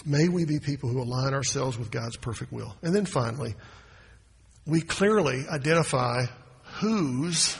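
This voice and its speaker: A man preaching a sermon as pastor, swinging from quiet asides to loud, emphatic proclamations. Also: medium pitch, creaky, husky. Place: church sanctuary. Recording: long hall reverb.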